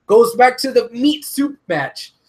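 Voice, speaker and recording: Brief: high-pitched male co-host, ranting, swears freely, casual wrestling chat. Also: unhurried. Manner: animated, ranting, swears a lot. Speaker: podcast co-host.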